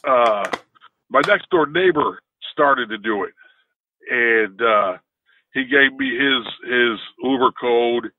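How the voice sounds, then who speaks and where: A man co-hosting a podcast, telling a story in an animated, casual way. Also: slow, a little hiss or hum. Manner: animated, jumps into higher pitch when telling a story. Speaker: podcast co-host. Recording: tinny phone-like dry sound.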